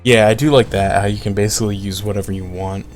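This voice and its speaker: A low-voiced man talks his way through a fantasy video game on stream. His commentary is casual and rambling, full of "like" and "um". Quiet game music hums behind him. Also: steady tone, fast. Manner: rambling, with frequent "like" and "um".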